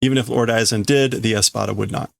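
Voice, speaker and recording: A man of medium pitch talks his way through a translation, pausing, restarting and filling gaps with "uh". His voice sounds dry and close, with no room around it. The tone is casual, like a stream. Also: steady tone, creaky, no room sound. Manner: hesitant, thinking aloud with many fillers. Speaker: streamer learning Japanese. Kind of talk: casual reading and translating aloud.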